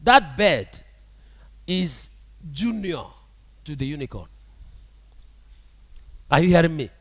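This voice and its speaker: A man preaching a sermon as a prophet, animated and often asking the congregation rhetorical questions. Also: fairly high pitch, slow pace, long reverb tail.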